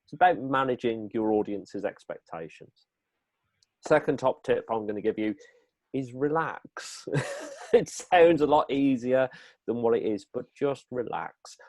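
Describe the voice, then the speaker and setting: A man's voice: mid-range voice, expressive, moderate pace, darkish tone. An upbeat man coaches listeners on presenting, speaking straight into his webcam. His voice sits in a middle register and sounds dry and close, with no room echo. His delivery is direct and instructive. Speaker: presenting coach giving tips. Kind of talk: instructional chat on a video call.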